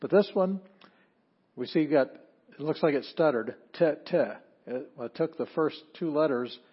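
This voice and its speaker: A man's voice: a little high, moderate pace, husky, muffled recording. A man teaching an introductory Greek class, explaining step by step and often restarting his phrases. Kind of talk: classroom lecture.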